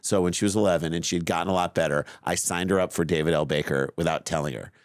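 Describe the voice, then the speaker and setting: A middle-aged man co-hosting a podcast, telling a long story in a lively, self-mocking way. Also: low voice, fast talker, dry recording, clean studio sound. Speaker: podcast co-host. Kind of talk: casual chat, storytelling.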